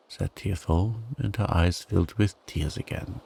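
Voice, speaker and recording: A man reading a bedtime story for adults in a calm, gentle, soothing manner. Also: deep voice, unhurried, gravelly, hardly any pauses, breathy edge. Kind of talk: scripted bedtime narration.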